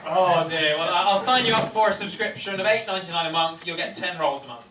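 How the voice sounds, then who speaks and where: A man's voice: high-pitched, quick pace. A man doing a wry, rambling stand-up set in a comedy venue. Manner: wry, rambling, self-interrupting. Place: comedy venue, live audience. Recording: roomy, distant, noisy live room.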